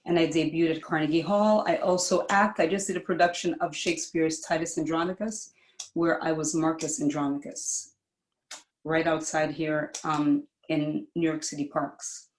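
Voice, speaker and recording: Woman from Dominica, guest on a video call, lowish voice, lively talk, roomy echo. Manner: lively, quick and laughing. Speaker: guest performer. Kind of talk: casual chat over video call. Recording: echoey room on a video call.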